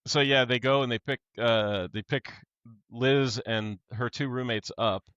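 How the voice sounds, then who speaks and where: A man's voice: medium pitch, steady tone, a little slow, fairly bright tone, clean tone, dry recording. Man recapping a movie, muffled sound. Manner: retells scenes, acting out quotes with laughs. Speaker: podcast co-host. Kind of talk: casual movie recap chat.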